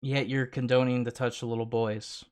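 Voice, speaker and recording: A man's voice: medium pitch, flat delivery, normal speed, a little mellow, a little hiss or hum. A man streaming casual reaction commentary, sarcastic, often laughing and stammering on repeated words.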